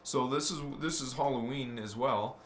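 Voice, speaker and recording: A man hosting a spiritual livestream, talking in a gentle, earnest, halting way to his viewers. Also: medium pitch, echoey room, slight background noise. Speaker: livestream host.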